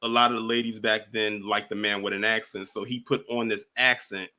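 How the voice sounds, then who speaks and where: A man's voice: lowish voice, level tone, brisk, pushed and bright. A man hosting a casual call-in show, telling stories animatedly and laughing. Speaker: host of a call-in stream. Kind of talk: casual chat.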